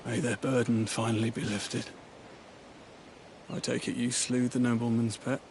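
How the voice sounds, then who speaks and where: Male actor as world-weary gravedigger, gravelly and flat, faint rumble behind. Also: moderate pace, close to an everyday voice. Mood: solemn. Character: weary older gravedigger, a servant who buries the dead. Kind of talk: video game voice acting.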